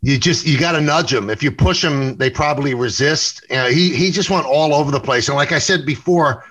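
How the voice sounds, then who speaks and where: Guesting on a casual interview, this middle-aged New Yorker, a sportscaster and interview host himself, has a fairly high, slightly bright and rough voice. He spins stories with frequent repetitions and fast self-corrections, captured in a rough recording.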